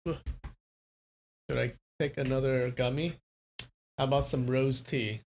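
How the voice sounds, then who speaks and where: A streamer reads a translated wuxia novel aloud on a live stream, moving into loose, playful chat with viewers between passages. The delivery is casual and unpolished, with a mid-range pitch. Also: steady tone, a little slow, a little mellow, slight background noise. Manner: casual, playful, chatty asides.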